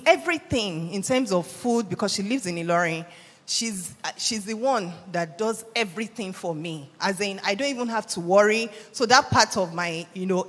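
A middle-aged woman with a Nigerian accent, giving a motivational conference talk and acting out the people in her stories. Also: mid-range voice. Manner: animated storytelling, acts out quoted voices. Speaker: conference speaker. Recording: reverberant hall.

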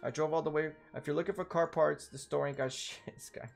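A man's voice: on the high side, fairly even intonation, fast talker, gravelly, soft background music. A man giving casual, profane, joking commentary while playing a game and reading it aloud. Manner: profane, joking, laid-back. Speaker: game streamer.

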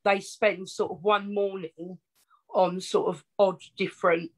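A woman's voice: medium pitch, fairly even intonation, measured pace, rough recording. A woman with an Essex accent, telling her life story as a podcast guest in a chatty, frank, self-mocking way. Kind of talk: casual storytelling interview.

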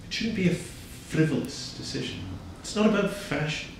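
A man gives a grand, solemn documentary interview. His pitch rises and falls in a lively way. The room rings with strong echo, and faint noise sits beneath. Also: moderate pace. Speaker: bearded interviewee.

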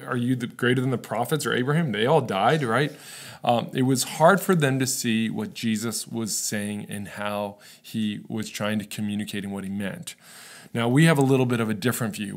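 A male pastor preaches in an easygoing, conversational way, speaking at a mid-range pitch. He keeps checking in with his listeners and stays relatable rather than lofty, like a friend talking through scripture. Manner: casual, relatable, often checks in with "right?". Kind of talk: conversational sermon.

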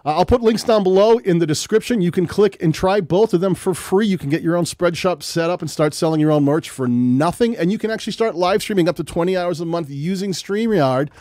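Male live-stream host, fading hoarse voice, slightly high, direct coaching tone, dry close sound. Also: darkish tone, no room sound. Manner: direct, blunt coaching with many "um"s. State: losing his voice from illness. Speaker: live stream host reviewing viewers' channels. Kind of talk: casual live-stream advice. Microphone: streaming setup mic.

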